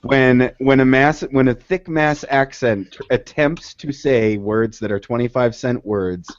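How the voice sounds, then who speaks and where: A man's voice: mid-range voice, measured pace, no echo, dull audio. A man with a Massachusetts accent arguing his point insistently and swearing freely in casual podcast talk. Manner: argumentative, profane, insistent.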